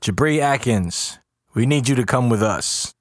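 A man voicing a cold agent who speaks in a flat, machine-like way. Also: medium pitch, no room sound, clean studio sound, voice pushed up. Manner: flat, measured, repetitive. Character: cold robotic man in black, flat and mechanical.

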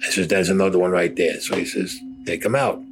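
A man's voice: sits low, steady tone, fast, vocal fry. An older man, a war veteran, recounting his combat memories in a blunt, profane storytelling way.

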